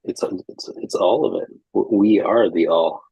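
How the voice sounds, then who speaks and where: A man's voice: low voice, a little slow, vocal fry, dark tone, slightly rough, dry recording, muffled recording. A man in a casual group discussion on a video call, laid-back and chuckling often.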